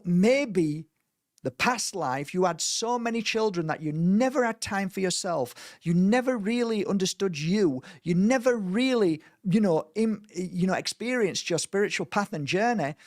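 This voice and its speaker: A man's voice: sits high, no echo, clean studio sound. A man leading a spiritual healing workshop, talking earnestly in a rambling way with many restarts. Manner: earnest, rambling, with frequent restarts and mimicked voices. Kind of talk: informal spoken workshop talk.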